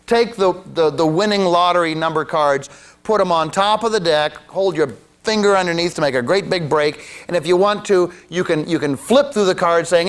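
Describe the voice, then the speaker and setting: High-voiced man teaching a card routine. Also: normal speed, smooth. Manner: chatty, joking asides, frequent restarts. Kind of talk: demonstration lecture.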